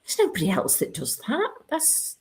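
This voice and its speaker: A woman, chatting lively as an interviewer on a live stream. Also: high-pitched. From United Kingdom. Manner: chatty, lively, quick asides.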